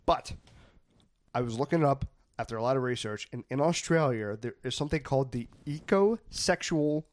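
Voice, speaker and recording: A man's voice: mid-range voice, brisk, no echo. A man hosting a comedy show, teasing his co-hosts in playful banter. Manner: playful, teasing, lively delivery.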